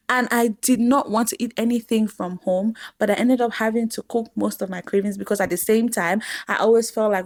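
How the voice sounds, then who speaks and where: A woman's voice: mid-range voice, no echo, studio quality. A young woman from Cameroon telling her own story to camera in a casual, dramatic way, acting out what she said. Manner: dramatic, animated retelling with acted-out quotes. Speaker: vlogger.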